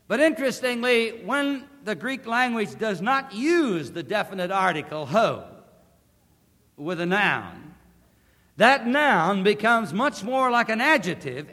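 A man preaching a sermon, emphatic and deliberate, slowing down to stress key words. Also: sits high, a bit bright. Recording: long hall reverb.

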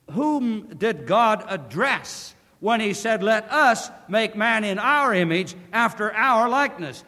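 A man preaching a sermon, emphatic and deliberate, slowing down to stress key words. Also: high-pitched, bright, forceful tone. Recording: long hall reverb.

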